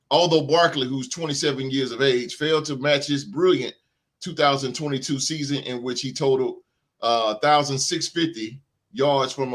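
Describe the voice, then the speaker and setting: A man's voice: mid-range voice, fairly bright tone. A man hosting a sports podcast, ranting with emphatic repetition and then reading sports news aloud. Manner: emphatic, repeats phrases for effect. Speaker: podcast host.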